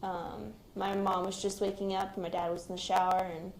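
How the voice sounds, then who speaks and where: An interview captures a young military member recalling surviving a shooting, her mid-range voice flat and at normal speed. Quiet-spoken, hesitant, and reflective, she's recorded in a roomy space with faint background noise.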